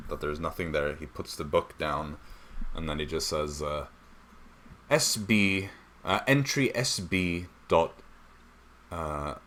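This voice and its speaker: Very deep slow-talking young man. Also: fairly bright tone, a little hiss or hum. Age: young adult. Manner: hesitant, many fillers. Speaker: dungeon master. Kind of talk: narrating a tabletop game.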